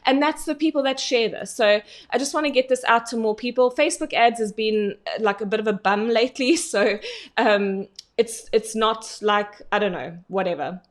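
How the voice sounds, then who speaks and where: Woman, online coach, relaxed live-stream delivery, talky, quick to laugh, loose with fillers. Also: a little high. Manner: chatty, laughs often, many fillers. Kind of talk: casual live online training.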